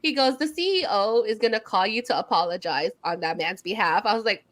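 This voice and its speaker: A woman's voice: medium pitch, fairly quick, fairly bright tone. A young adult woman co-hosting a podcast, telling a story in casual chat, laughing often and acting out quotes. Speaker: podcast co-host.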